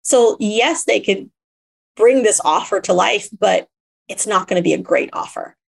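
A woman hosting a podcast interview, talking in a lively conversational way and acting out quoted voices. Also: medium pitch, measured pace, creaky. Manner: animated, acts out quoted voices. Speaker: podcast host.

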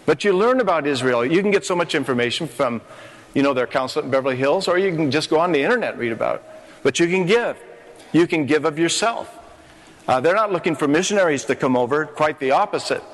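A man's voice: fairly high pitch, lively intonation, fast. An older man preaching on a conference stage, impassioned, with rising emphatic phrases. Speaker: pastor. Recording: long hall reverb.

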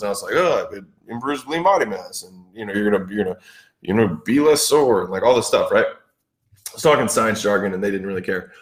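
In an echoey space, a male podcast host with a somewhat low, slightly bright voice rambles through casual business anecdotes about sales. Heavy on fillers and restarts, he plays both parts of old conversations.

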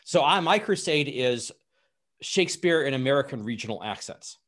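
A man's voice: mid-range voice, animated, normal speed, fairly bright tone. Man explaining with eager enthusiasm. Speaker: podcast guest. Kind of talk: casual podcast chat.

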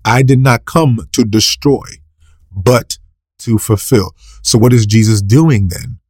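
A man with a darkish tone preaches slowly, asking and then answering his own questions and going back over scripture quotes. For emphasis he rises sharply in both pitch and volume. The podcast recording is dry and studio-clean.

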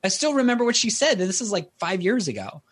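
A man in his thirties, a guest author on a podcast, telling personal stories in a casual, animated way. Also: quick pace, breathy edge, no echo. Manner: animated storyteller, rises in pitch for quotes. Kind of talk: casual interview storytelling.

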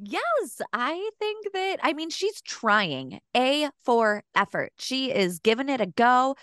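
A woman's voice: sits high, very animated, slow pace, fairly bright tone, clean tone, dry recording, studio quality. Giggly woman co-hosting a podcast. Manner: giggly, reads listener letters aloud. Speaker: podcast co-host. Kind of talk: casual chat.

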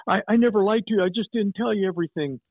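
A man voicing a frail, dying elderly woman who halts and repeats herself, in a noticeably higher voice than his own. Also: fast talker, dry recording, lightly acted. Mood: pleading. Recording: tinny phone-like sound.

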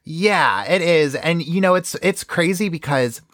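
A man's voice: a little high, expressive, measured pace, fairly bright tone, no echo, clean studio sound. Rambling male true-crime podcast host. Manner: rambling, heavy with filler words.

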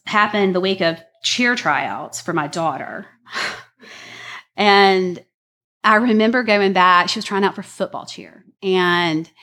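A woman's voice: medium pitch, fairly bright tone. Woman, earnest conversational testimony, chatty with fillers. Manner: chatty and earnest, many fillers, says y'all. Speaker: guest sharing a personal story. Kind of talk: personal testimony talk.

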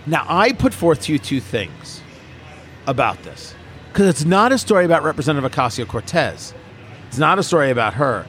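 A man's voice: on the high side, slight background noise. A man hosting an opinionated political talk show, emphatic and mocking. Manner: animated, emphatic, mocking asides.

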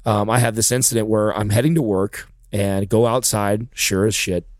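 A man's voice: on the low side, moderate pace, no echo, studio quality. A man telling a long story in casual chat, swearing often and getting heated as he goes. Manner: profane, animated, heated storytelling.

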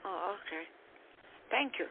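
A woman calling in by phone, asking a question in halting broken English. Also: mid-range voice, expressive, slight background noise. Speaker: caller. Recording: tinny phone line.

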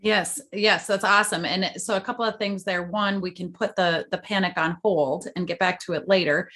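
A woman's voice: fairly low pitch, fairly even intonation, moderate pace, fairly bright tone. A woman hosting a casual interview podcast, talking in an affirming, reflective way. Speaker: podcast host.

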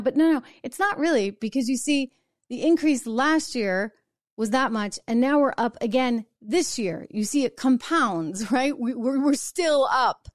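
A woman's voice: sits high, a little slow, dry recording, clean studio sound. A woman hosting her own show, delivering an emphatic political commentary monologue full of rhetorical asides. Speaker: show host.

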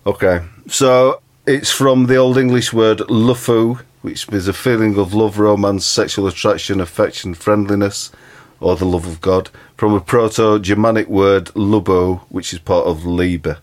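Low-voiced earnest man reading quotes. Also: steady tone, normal speed. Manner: earnest, reflective, emphatic. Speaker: co-host. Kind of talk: reading definitions and quotes in conversation.

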